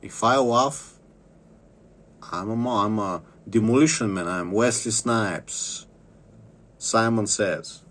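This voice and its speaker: Man, low voice, slow deliberate pace; bitter profane solo rant. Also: a bit bright, a little hiss or hum. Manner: bitter, profane, repeats phrases for emphasis. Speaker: vlogger. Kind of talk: angry ranting monologue.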